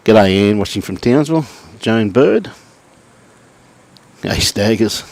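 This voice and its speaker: Australian man, middle-aged, lawn bowls commentator, slightly low voice, easygoing chatty play-by-play. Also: slow pace. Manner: relaxed, chatty, greets viewers by name. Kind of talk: live sports commentary and chat to viewers.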